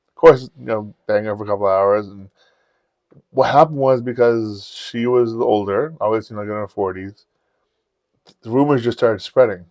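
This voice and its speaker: A man's voice: lowish voice, normal speed, darkish tone, no room sound. A man hosting a podcast, casually telling a long story with lots of swearing and acting out his own lines. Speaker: podcast host.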